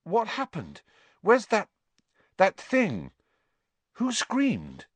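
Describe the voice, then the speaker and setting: Man doing a shaken confused teen boy, pitched high, urgent questions. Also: huge pitch swings, extremely slow, slightly rough, no echo, full character voice. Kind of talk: audiobook character voice.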